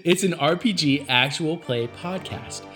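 A man's voice: a little high, unhurried. A man reading a scripted podcast promo as its host. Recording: promo with music behind.

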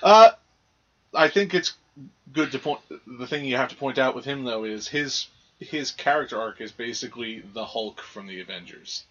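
A man's voice: mid-range voice, expressive, normal speed. A man co-hosting a casual movie review podcast, making dry joking asides. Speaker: podcast co-host. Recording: dull lo-fi recording.

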